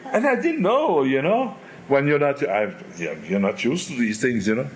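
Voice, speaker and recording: An older man, an opera singer, candidly telling animated stories in an interview and imitating crowd noises. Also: medium pitch, normal speed, slight background noise.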